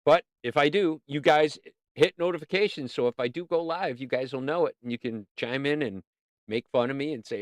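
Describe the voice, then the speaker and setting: A man's voice: medium pitch, brisk, dry recording. A man hosting a casual livestream, chatting in a rambling, playful way and often talking to himself. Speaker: livestream host.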